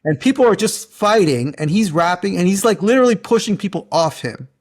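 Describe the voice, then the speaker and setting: A man's voice: high voice, animated, brisk. Man, podcast host, from Canada, casual interview, eager storyteller. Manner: enthusiastic storytelling.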